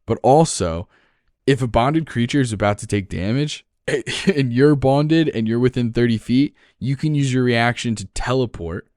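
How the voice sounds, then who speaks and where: A man with a New Jersey accent, co-hosting a podcast and explaining game rules in casual, excited chat, swearing freely. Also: mid-range voice, normal speed, no room sound, clean studio sound. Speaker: podcast co-host.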